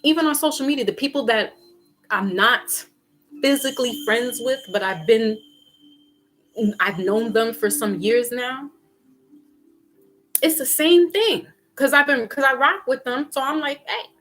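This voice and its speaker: A woman vlogger giving a casual spiritual pep talk in an animated, slangy way, acting out little quoted exchanges. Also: high-pitched, unhurried, pauses often, soft background music.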